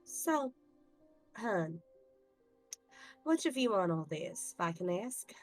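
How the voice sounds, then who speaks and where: A woman's voice: medium pitch, very animated, slow, faint music behind. Blunt dwarf parent, a woman plays. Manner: casual, blunt, swears. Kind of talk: tabletop role-play.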